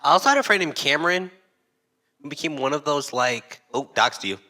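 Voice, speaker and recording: Lively, bright-voiced young man. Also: a little high, a little fast. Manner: joking storyteller who acts out quoted voices. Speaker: podcast co-host. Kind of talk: casual chat.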